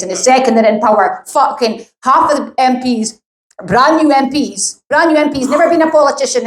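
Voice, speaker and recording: A woman doing a stand-up set, talking bluntly and rambling with heavy swearing, at a live comedy venue. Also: mid-range voice. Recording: roomy echo.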